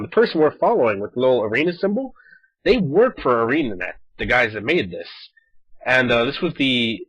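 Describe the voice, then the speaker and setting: A man chatting casually over his gameplay footage, animated and talkative, acting out quoted lines as he goes. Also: mid-range voice, breathy edge, no echo, muffled recording. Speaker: gaming video host.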